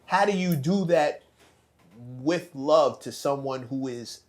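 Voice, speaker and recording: A man co-hosting a podcast, putting a thoughtful question to a guest and letting his voice trail off softly. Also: fairly high pitch, animated, slow pace, a crowd in the background. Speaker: co-host. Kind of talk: podcast discussion.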